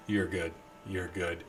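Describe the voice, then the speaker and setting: A man talking casually on a live stream while he plays a game, chatty and animated. His voice is bright and forceful, and a faint noise hums underneath it. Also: deep voice. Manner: chatty and animated, quick asides to chat.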